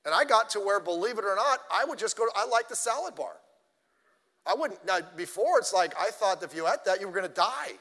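A male pastor preaching a sermon, telling stories in an animated way and addressing the congregation directly. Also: high voice, a little fast, long reverb tail.

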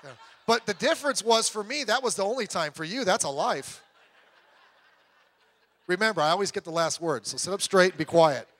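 A middle-aged male pastor delivers a conversational, humorous sermon, telling stories and acting out voices. His voice is high-pitched and fairly quick, and he builds up to loud exclamations.

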